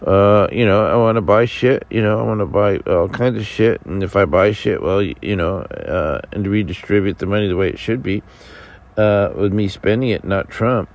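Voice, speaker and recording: An American man ranting to camera in a rambling, profane way, full of fillers and restarts. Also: lowish voice. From United States. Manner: halting with many fillers and restarts. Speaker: vlogger. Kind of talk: casual rant to camera.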